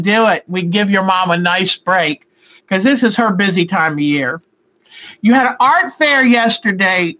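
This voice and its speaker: A middle-aged woman hosts a quilting live stream from home, chatting warmly with viewers and answering their comments in a rambling, affectionate way. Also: on the high side, poor audio. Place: indoors at home at a computer.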